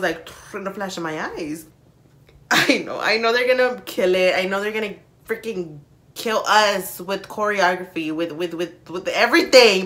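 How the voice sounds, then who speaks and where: A young woman hosting a reaction vlog, excitedly gushing in casual chat and slipping into Spanish phrases. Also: mid-range voice. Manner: hyped and gushing, switching into Spanish, laughing often. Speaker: reaction video host.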